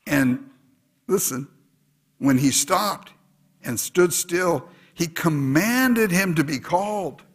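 A man preaching a sermon in a husky, slightly raised voice. His pitch swings widely, sinking low for hushed asides and climbing high when he presses a point. He talks to a congregation in an animated, exhorting way. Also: takes it slowly. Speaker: pastor.

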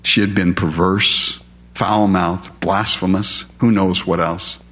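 A man's voice: sits low, fairly even intonation, slow pace, fairly bright tone. A man preaching a conversational verse-by-verse sermon, often asking the audience rhetorical questions. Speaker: pastor. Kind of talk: expository sermon. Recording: dull lo-fi recording.

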